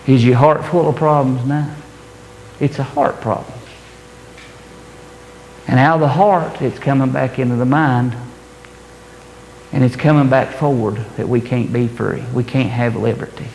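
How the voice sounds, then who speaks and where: Male preacher, emphatic and folksy, high-pitched, long hall reverb. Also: darkish tone, slight background noise. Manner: emphatic, colloquial, repetitive preaching. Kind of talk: sermon. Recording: echoey hall, roomy reverb.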